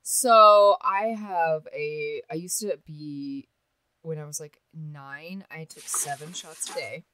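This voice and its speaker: A woman's voice: low voice, steady tone, takes it slowly, bright, forceful tone. A young woman co-hosting a podcast, chatting frankly and casually, swearing and laughing easily. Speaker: podcast co-host. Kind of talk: casual chat.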